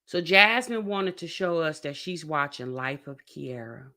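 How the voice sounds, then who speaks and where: A woman's voice: sits low, lively intonation, a little slow, bright, forceful tone. A woman hosting a reaction video, giving blunt, sassy commentary and speaking straight to the person on screen.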